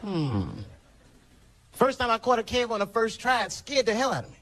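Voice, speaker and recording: A man's voice: very high-pitched, fairly even intonation, quick pace, sharp tone. A man performing a stand-up routine on a comedy stage, telling stories animatedly and jumping into character voices. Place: comedy stage before a live audience.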